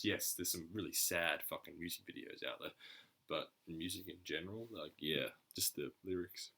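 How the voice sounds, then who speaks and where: A man with a deep, low voice and a sharp, tense edge talks through a music reaction video. He stumbles over his words, restarts often and leans on fillers, sounding earnest and choked up. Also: normal speed. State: choked up, emotional. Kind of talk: casual reaction commentary.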